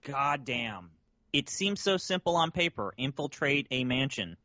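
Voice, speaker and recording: A man's voice: fairly high pitch, very animated, normal speed, pushed and bright, no room sound, lo-fi sound. A man co-hosting a casual podcast chat, blunt and exasperated, swearing freely. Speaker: podcast co-host.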